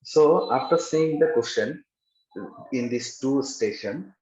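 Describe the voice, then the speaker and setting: A man describing his exam experience in a casual interview over a video call, halting, with many pauses and fillers. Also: medium pitch, darkish tone. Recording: roomy, dull call audio.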